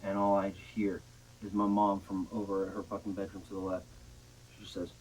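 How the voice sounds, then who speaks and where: Young guy, lowish voice, rambling swear-heavy storyteller, faint noise behind. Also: a little fast, poor audio. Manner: rambling, profane, animated retelling. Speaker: storyteller guest. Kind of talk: casual storytelling chat.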